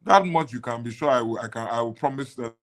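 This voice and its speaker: A man from Nigeria, a candidate being interviewed, making earnest, halting promises. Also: mid-range voice. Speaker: political candidate guest. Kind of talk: interview answer.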